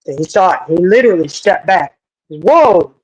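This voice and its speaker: A storyteller telling a family tale in a folksy, animated, rambling way with many asides. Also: mid-range voice, a little fast, husky, dry recording, low-quality recording. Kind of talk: casual storytelling.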